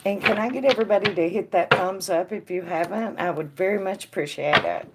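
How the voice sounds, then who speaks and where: A woman hosting a casual live tarot reading, chatting with viewers by name and dropping to a quiet murmur when she puts questions to the cards. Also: medium pitch, a little fast, heavy background noise. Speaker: tarot reader and stream host.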